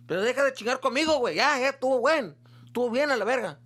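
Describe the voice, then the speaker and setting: A man voicing his angry middle-aged father, who scolds him gruffly. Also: very high voice, animated, rapid-fire, a bit bright, voice pushed up, full character voice. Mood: fed up. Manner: gruff, scolding, repeating himself.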